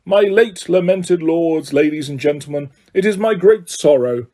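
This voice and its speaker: A man's voice: on the high side, normal speed, dark tone, natural voice. A man voicing a proud, touchy male ghost nobleman in a storybook reading, stiff and formal.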